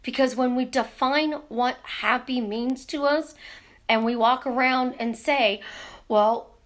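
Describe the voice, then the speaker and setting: A woman coaching her viewers in a casual live stream, talking with her hands and firing off rhetorical questions. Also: fairly high pitch. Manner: animated, talks with her hands, asks rapid rhetorical questions. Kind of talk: casual teaching monologue. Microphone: camera in front of her.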